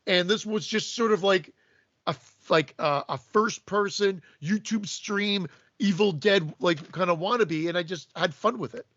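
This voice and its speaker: A man's voice: high voice, unhurried, fairly bright tone, no room sound, highs cut off. A man co-hosting a horror podcast, talking in a rambling, hesitant way and laughing often. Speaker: podcast co-host. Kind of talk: casual chat.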